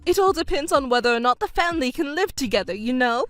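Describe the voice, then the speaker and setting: A woman's voice: expressive, quick pace, a bit bright, soft background music. A woman voicing a selfish, whiny middle-aged stepmother who pleads and complains in a texting story. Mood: desperate. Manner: shrill, pleading and self-pitying.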